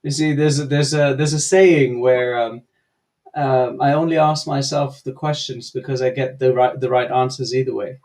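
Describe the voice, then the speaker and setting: A man co-hosting a casual discussion on a video call, easygoing, with frequent fillers and quick laughs. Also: medium pitch, steady tone, a little mellow. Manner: easygoing, laughs easily, many fillers and restarts. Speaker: co-host and coach.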